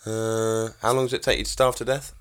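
A man's voice: on the low side, level tone, brisk, clean tone. A man co-hosting a podcast, teasing his co-host with crude humour and laughing often in casual chat.

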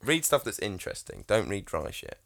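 A man's voice: on the low side, sing-song, a little fast, vocal fry, a bit bright. A young English man in casual podcast chat, blunt and opinionated, swearing freely. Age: young adult. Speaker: podcast co-host.

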